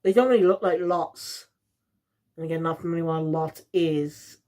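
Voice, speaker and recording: A reviewer from South Wales talks at a middling pitch. The delivery is loose and rambling, often losing the thread. It feels like a casual spoken review. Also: moderate pace, darkish tone.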